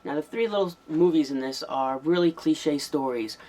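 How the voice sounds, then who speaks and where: A man's voice: fairly high pitch, normal speed, dark tone. A man giving a casual, rambling spoken review of an old horror tape, with frequent ums and restarts. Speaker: VHS movie reviewer.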